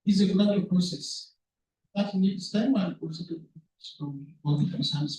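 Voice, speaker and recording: A man giving a conference presentation, talking in a halting, earnest way and repeating words as he goes. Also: high-pitched, warm tone. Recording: echoey room, speaker far from mic.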